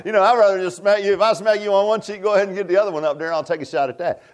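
A pastor preaches in a loose, folksy way, circling back with restarts and asides. His voice sits high for a man. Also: fairly even intonation, rapid-fire, noisy background. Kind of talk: sermon.

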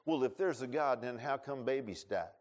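A man preaching a sermon in a folksy way, rising to loud pleading and dropping to low asides. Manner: acts out quotes with drawn-out voices.

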